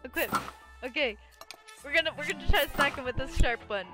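Her voice high and fairly quick, a young female streamer giggles and chats through live gameplay, cooing at enemies like a baby. Music plays beneath her voice.

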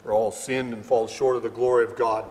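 Guy preaching a sermon, goes soft then loud and emphatic, long echo like a big church. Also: medium pitch, flat delivery, brisk. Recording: long hall reverb.

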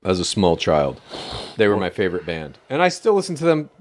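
A man's voice: low-pitched, huge pitch swings, brisk, darkish tone. A middle-aged man co-hosting a podcast in casual chat, wry and swearing, often laughing. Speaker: podcast co-host.

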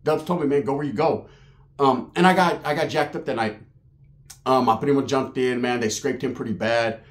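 A man's voice: medium pitch, moderate pace. A man from Merced, California, telling a street story to his channel in casual, profane, slang-heavy talk. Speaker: YouTube storyteller.

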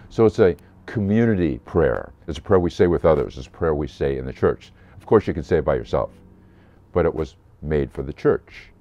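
A man's voice: very deep voice, dark tone. A man as a pastor giving a short Easter sermon, telling a Bible story earnestly and voicing the people he quotes.

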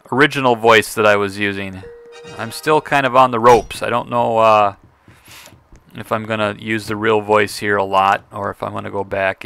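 A man giving casual gameplay commentary, playful and excitable, teasing other players and chatting to his viewers. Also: fairly low pitch, gravelly. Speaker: gaming video creator.

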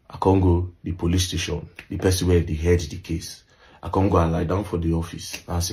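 Deep-voiced Nigerian man recounting a story. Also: fast talker, mellow. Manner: mixes Pidgin and English, repeats "you understand?". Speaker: social media commentator. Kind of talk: casual storytelling monologue.

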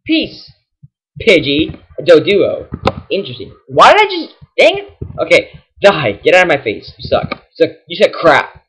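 Excitable young gaming commentator. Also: male voice, a little high, moderate pace, husky. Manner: excitable, exasperated, yells at enemies. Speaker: gaming channel host. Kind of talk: casual let's-play commentary.

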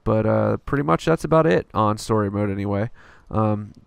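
A man's voice: fairly low pitch, animated, normal speed, gravelly, clear, resonant tone, no echo. A man narrating a casual gameplay strategy guide in a loose, rambling way, full of fillers and offhand swearing.

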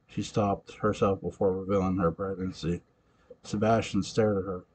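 A man narrating an amateur audiobook in a halting, deliberate reading with occasional restarts. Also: deep voice, flat delivery, darkish tone, a little hiss or hum, poor audio.

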